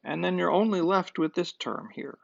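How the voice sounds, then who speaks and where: A math professor with a high-pitched, gravelly voice lectures at a board at normal speed, working through a proof step by step. He thinks aloud with occasional fillers, and the sound is dry, dull and lo-fi.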